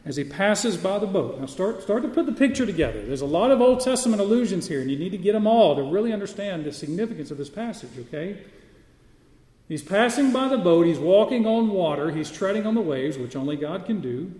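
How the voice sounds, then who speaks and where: Male pastor, sermon, mellow higher voice, teaching tone, roomy reverberant hall. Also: expressive, fairly quick. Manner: teaching, asks the listeners questions. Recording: echoey hall, voice from far off.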